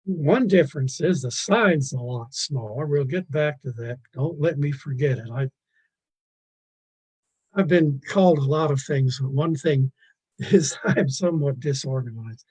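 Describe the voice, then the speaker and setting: Husky-voiced man giving a rambling art talk. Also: a little high, measured pace, a little mellow, rough recording. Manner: digressive, self-deprecating, stumbling restarts. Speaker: art lecturer. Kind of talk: virtual museum art talk.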